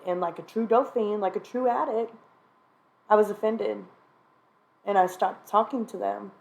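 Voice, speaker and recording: A woman, a mother, speaking frankly and openly in a candid sit-down conversation with her sister, often laughing and clearing her throat. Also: medium pitch, fairly even intonation, normal speed. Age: adult, mother of a child. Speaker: sister sharing her recovery story. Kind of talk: candid conversation about addiction.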